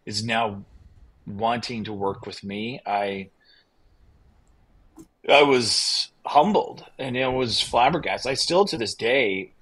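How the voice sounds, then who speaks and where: A man's voice: lowish voice, slow, long pauses, slightly rough, low-quality recording. A man, a winery owner guest on a podcast, telling his story in a casual, enthusiastic, rambling way. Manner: enthusiastic, rambling, quotes others in lively bursts.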